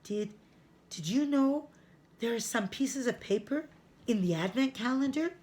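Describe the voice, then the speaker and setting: A woman's voice: a little high, animated, unhurried, darkish tone, voice pushed up. A woman reading aloud, voicing a young boy who blurts and stammers when flustered. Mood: eager. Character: young boy, startled and eager.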